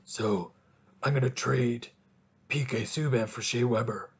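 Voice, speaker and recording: A young man voicing a sinister male horror-movie killer who taunts his victims with games, in a low, menacing voice. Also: measured pace, slightly rough.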